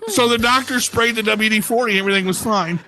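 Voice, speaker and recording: A man performing a stand-up comedy routine at a club, telling an animated story and acting out the voices of the people in it. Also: high-pitched, fast, low-quality recording.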